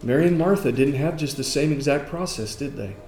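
A man's voice: on the high side, a little fast, slight background noise. Man preaching in an echoey room. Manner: varies from emphatic to quiet, asks rhetorical questions. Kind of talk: sermon. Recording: echoey room with faint ambience.

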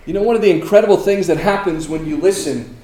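A man preaching a sermon, moving between emphatic lines and quiet ones and asking rhetorical questions. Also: high-pitched, fast talker. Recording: echoey room with faint ambience.

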